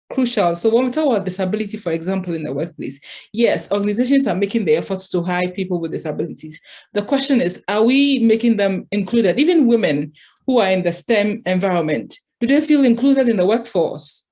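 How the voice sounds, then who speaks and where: A woman's voice: mid-range voice, animated, brisk, warm tone. A woman speaking earnestly as a panelist in an online discussion, often restarting her phrases.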